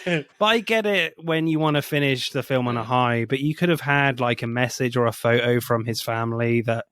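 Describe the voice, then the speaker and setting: A man's voice: mid-range voice, a little fast, a bit bright, clear, resonant tone, no echo, studio quality. A man co-hosting a podcast, bluntly giving opinions about films and swearing casually. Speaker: podcast co-host. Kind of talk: casual film discussion.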